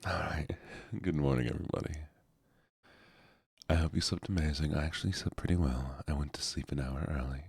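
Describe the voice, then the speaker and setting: A man streaming a video game and chatting with his viewers, soft-spoken and goofy, close to the microphone. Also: extremely low pitch, fairly even intonation, brisk, slightly rough, no echo. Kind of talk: soft-spoken gaming livestream chat.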